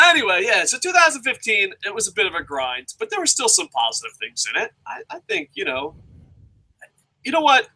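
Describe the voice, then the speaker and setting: A man giving a casual, profane, animated rant as a wrestling commentator. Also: high voice, fairly quick, breathy edge, poor audio.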